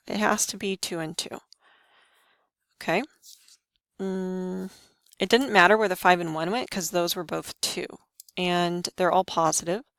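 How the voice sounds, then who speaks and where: A woman teaching math, leading the class step by step and checking in with short questions. Her voice sits at a middle pitch for a woman. The recording is close and dry, with no room sound. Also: a bit bright, dry recording. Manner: talks students through each step with quick questions. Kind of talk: lesson walkthrough.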